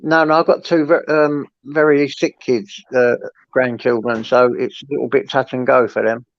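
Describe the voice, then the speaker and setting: A man's voice: mid-range voice, fairly even intonation, normal speed, gravelly. An older man chatting casually in an online voice call, talking plainly and bluntly. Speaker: caller in a voice chat. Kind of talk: casual chat. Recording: dull lo-fi online call audio.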